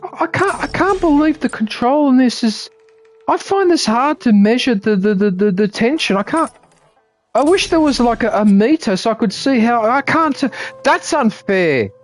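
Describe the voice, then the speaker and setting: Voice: medium pitch, lively intonation, moderate pace, soft background music. Swearing, frustrated game streamer. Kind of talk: live gameplay commentary.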